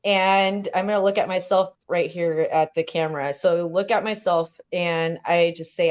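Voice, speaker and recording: A woman with a fairly low voice talks in a casual podcast conversation. She tells a personal story haltingly and earnestly, with many restarts. The audio sounds dull and lo-fi. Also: steady tone.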